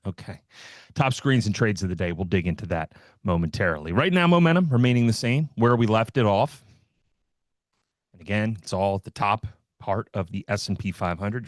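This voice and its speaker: Low-voiced joking man hosting a market stream. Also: no room sound, studio quality. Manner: loose and joking, with frequent fillers. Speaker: host of a trading livestream. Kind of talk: casual live market commentary.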